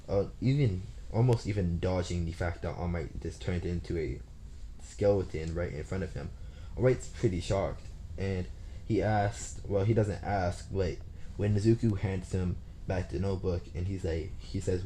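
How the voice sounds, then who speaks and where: Low-voiced man improvising a story. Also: steady tone, measured pace, mellow, slight background noise. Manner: thinking aloud, plotting as he goes. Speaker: fan fiction storyteller. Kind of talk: casual improvised story retelling.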